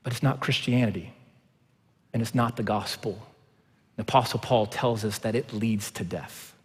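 A man preaching a sermon. He shifts between quiet, low passages and loud, impassioned stretches. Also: moderate pace, husky. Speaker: pastor. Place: church sanctuary. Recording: long hall reverb.

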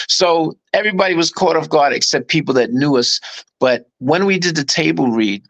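Male interview guest, lively storyteller who slips into voices, slightly high pitch. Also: a little fast, poor audio. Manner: animated, acts out quotes in voices. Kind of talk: casual anecdote storytelling.

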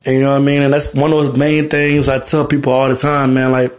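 Young man, podcast host, solo monologue, rambling, heartfelt, mid-pitched voice. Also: completely flat delivery, quick pace. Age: young adult. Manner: rambling, heartfelt, repeats "you know what I mean". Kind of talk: personal monologue.

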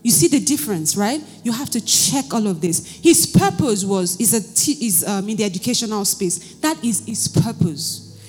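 A woman's voice: mid-range voice, normal speed, husky. A woman pastor in her thirties with a Nigerian accent, preaching a sermon, telling stories and often asking the congregation whether they understand. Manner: storytelling, animated, asks the audience questions. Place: church hall. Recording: church hall reverb, faint music.

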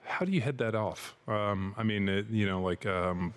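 Very deep-voiced hesitant male host. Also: moderate pace. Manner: hesitant, many "like" and "um" fillers. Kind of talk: casual chat.

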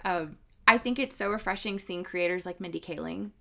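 Thoughtful low-pitched woman host. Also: creaky. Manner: thoughtful, articulate, sometimes quick. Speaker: podcast host. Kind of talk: casual interview conversation.

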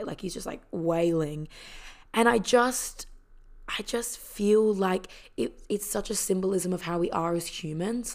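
A woman's voice: lowish voice, darkish tone. A woman casually retelling a movie in a chatty, heartfelt way, full of fillers and the odd swear word. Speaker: vlogger.

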